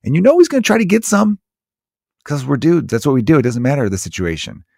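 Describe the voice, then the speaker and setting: A man who is a comedian hosting his own podcast, telling stories in an animated, profane way with frequent laughter. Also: fairly high pitch, quick pace, vocal fry, no echo, studio quality. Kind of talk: casual comedic podcast monologue.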